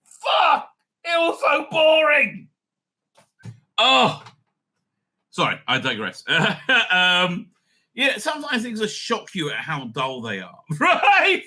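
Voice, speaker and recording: A man's voice: sits high, huge pitch swings, slow pace, long pauses, bright, forceful tone. A middle-aged man hosting a casual live-stream review. He rambles, swears a lot and laughs often. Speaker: rabbi and show host.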